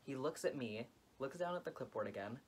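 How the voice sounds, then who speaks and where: A young man vlogging a dramatic storytime, expressive and full of "like" fillers. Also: mid-range voice, fairly quick, a little hiss or hum. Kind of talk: storytime vlog.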